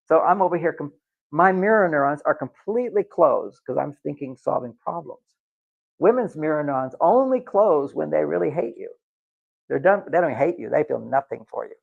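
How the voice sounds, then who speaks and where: Gravelly man lecturing a live audience. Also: a little high, normal speed, phone-quality sound. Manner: lecturing, acts out quoted voices with lively swings. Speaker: workshop speaker.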